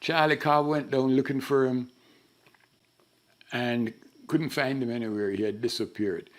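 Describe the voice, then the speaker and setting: Older man telling lively anecdotes. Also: mid-range voice, a little slow. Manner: animated storyteller who acts out the voices in his anecdotes. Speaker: interviewee. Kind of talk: storytelling interview.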